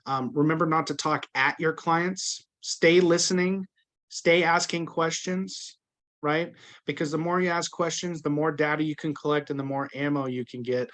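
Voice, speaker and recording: A man's voice: on the high side, fairly even intonation, moderate pace, fairly bright tone. A man leading a sales training session, talking directly to his team in a conversational, coaching way.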